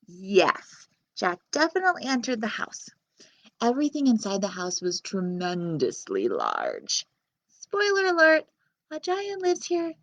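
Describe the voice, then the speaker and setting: A woman librarian reading a children's story aloud in a playful, expressive way. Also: a little high, measured pace, dry recording.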